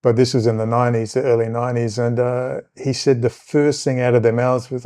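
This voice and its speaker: A man's voice: medium pitch, level tone, brisk, hardly any pauses, dark tone, clear, resonant tone. A middle-aged man from Australia, rambling through a casual political monologue as a podcast host, with many fillers and asides.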